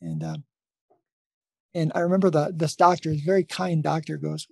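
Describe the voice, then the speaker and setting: A man's voice: on the high side, expressive, fairly quick, gravelly, husky, no room sound. A man who is a nurse and podcast host, telling a long story in a casual, rambling way with many restarts.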